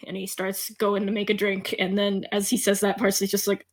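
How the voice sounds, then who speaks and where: A woman's voice: mid-range voice, completely flat delivery, normal speed. A woman narrating as game master in a playful, giggly way.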